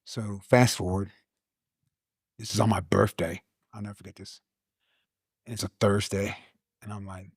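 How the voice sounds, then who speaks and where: A lowish-voiced man tells a personal testimony in a loose, animated way. He stumbles over repeated words and acts out his own past lines. The recording is close and dry. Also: moderate pace, pauses often, husky, no room sound. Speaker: guest, Army veteran. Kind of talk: testimony in a casual conversation.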